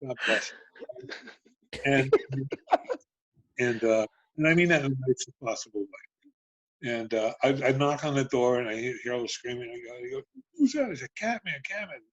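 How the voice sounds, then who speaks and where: A man in his sixties with a husky voice recounts old tour stories in casual, profane chat. He mimics the people he talks about as he goes. The sound is dry and a little muffled. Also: medium pitch, moderate pace, long pauses, no echo. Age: 60s. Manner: profane, animated anecdotes with acted-out dialogue. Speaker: guest, former band road manager. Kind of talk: casual storytelling.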